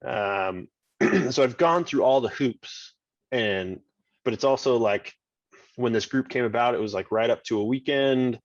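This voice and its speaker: Speaking at a measured pace in a medium-pitched voice, this podcast guest, a state government chief of staff, wanders casually through a story. He leans on "like" fillers and keeps restarting, and the dull lo-fi audio is dry with no echo.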